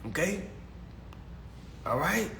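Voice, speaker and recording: A man's voice: high-pitched, very animated, slow pace, gravelly, pushed and bright, reverberant, a little hiss or hum. A man preaching to his livestream audience in a casual, slangy monologue, emphatic and given to repeating himself. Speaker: livestream host answering chat.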